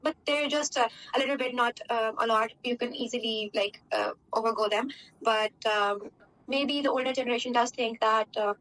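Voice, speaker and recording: Young Pakistani woman, Urdu native, chatty interviewee; slightly high voice, lots of fillers. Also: fairly even intonation, moderate pace, fairly bright tone, poor audio. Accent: Pakistani English. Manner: chatty, frequent fillers and "right?" tags. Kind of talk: casual interview answers.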